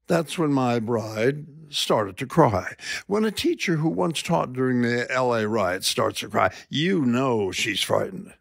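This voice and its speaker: A man's voice: mid-range voice, creaky, no echo, studio quality. An older man reading his own column aloud as wry, dramatic personal storytelling.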